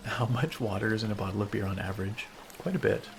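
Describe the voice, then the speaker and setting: A man's voice: fairly low pitch, fast talker, creaky, very noisy. A man casually chatting and laughing as he streams a game, rambling between thoughts. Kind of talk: casual gameplay commentary.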